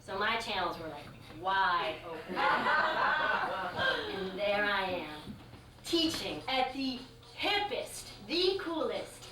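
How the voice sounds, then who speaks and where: Animated woman telling a story on stage. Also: medium pitch, slow, loud music behind the voice. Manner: animated, conversational, frequent "like" fillers. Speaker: yoga teacher and performer. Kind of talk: live storytelling performance. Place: stage before a laughing audience. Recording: echoey, distant live stage recording with noise.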